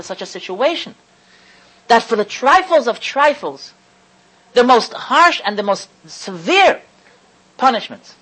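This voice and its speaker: Husky-voiced woman giving a Torah lecture. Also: on the high side, low-quality recording. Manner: emphatic, slows down to stress key words; repeats and restarts phrases while thinking aloud. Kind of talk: religious lecture to an audience.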